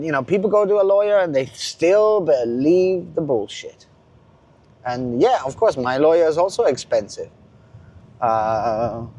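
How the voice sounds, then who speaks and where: A middle-aged man ranting in a blunt, profane monologue, swinging between loud outbursts and muttering. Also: fairly high pitch. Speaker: vlogger.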